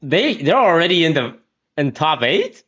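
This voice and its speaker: Excitable streamer man on dull lo-fi audio. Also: a little high, normal speed. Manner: excitable, urging and questioning. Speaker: streamer watching a tournament. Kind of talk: casual live-stream reactions.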